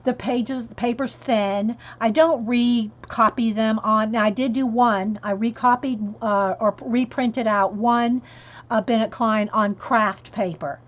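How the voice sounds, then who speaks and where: This coloring livestream host, a woman with a slightly high, fairly even voice, talks at a measured pace. She's chatty and often laughs while reading out and replying to chat, all through dull, lo-fi stream sound.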